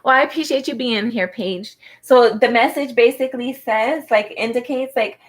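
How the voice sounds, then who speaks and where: A woman's voice: fairly high pitch, normal speed. Chatty woman giving a tarot reading. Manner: chatty, heartfelt, fills speech with "like"; addresses viewers by name and star sign. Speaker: tarot reader. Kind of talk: live-streamed tarot reading.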